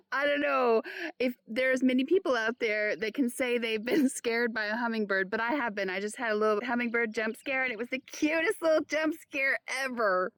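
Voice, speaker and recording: A woman vlogging outdoors at a campsite, talking fast and excitedly, laughing often. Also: a little high, no room sound. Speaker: van life vlogger. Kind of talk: casual chatty vlog.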